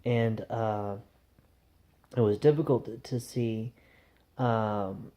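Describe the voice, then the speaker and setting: A man's voice: lowish voice, slow, dark tone. A man telling a rambling, conversational story to camera in a casual vlog. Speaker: vlogger.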